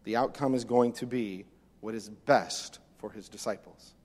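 Animated preacher in a reverberant hall. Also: male voice, on the low side, moderate pace. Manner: animated, acts out the disciples' lines. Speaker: pastor. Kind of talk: sermon.

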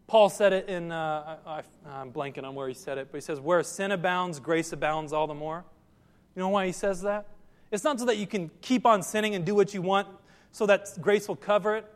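High-voiced preacher in an echoing hall. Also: male voice. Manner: earnest preaching, direct questions to listeners. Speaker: pastor. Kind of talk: sermon.

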